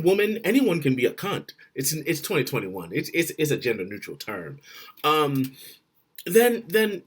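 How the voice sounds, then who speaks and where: A man giving blunt, profane relationship advice straight to the camera, swinging between loud and quiet. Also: high voice, breathy edge. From Florida. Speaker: vlogger.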